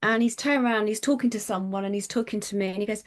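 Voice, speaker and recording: A middle-aged woman, a psychic medium telling her life story in an interview, animated and chatty with many fillers. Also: on the high side, fast, few pauses. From United Kingdom.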